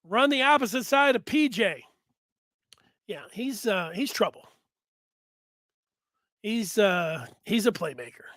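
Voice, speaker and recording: A man hosting a sports talk show, chatting casually and acting out announcers and fans with lively energy. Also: sits high, slow pace, pauses often, no echo. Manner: animated, acts out fans and announcers. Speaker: sports radio host.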